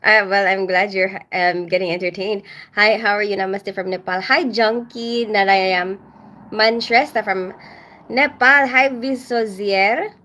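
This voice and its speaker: A woman's voice: mid-range voice, steady tone, unhurried, bright, forceful tone. A middle-aged woman from the Philippines hosting a casual livestream from home, reading comments and greeting viewers by name with frequent laughter. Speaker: livestream host.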